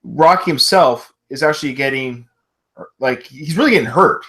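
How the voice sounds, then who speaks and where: A man's voice: medium pitch, normal speed, sharp tone. A man hosting a live podcast from home, casually recapping film scenes play by play. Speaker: podcast host.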